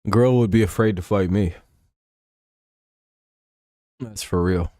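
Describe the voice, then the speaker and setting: A man's voice: lowish voice, measured pace, warm tone, no echo, studio quality. A sleepy man hosting a live stream, rambling, joking and swearing as he calls a football game. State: tired and yawning. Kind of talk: casual game watch-along commentary.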